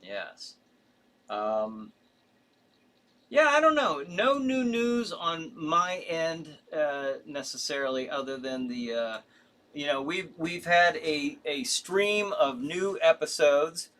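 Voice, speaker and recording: A man's voice: a little high, lively intonation, slow pace, fairly bright tone. A man hosting a casual live stream, reading viewer comments aloud and answering them in a rambling way with fillers and restarts. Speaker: host.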